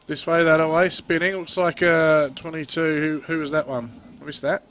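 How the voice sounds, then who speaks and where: A man's voice: on the high side, moderate pace. A man with an Australian accent calling a local football game play by play, chatty and jokey. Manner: chatty, jokey, excitable on goals. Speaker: play-by-play commentator. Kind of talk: amateur sports commentary.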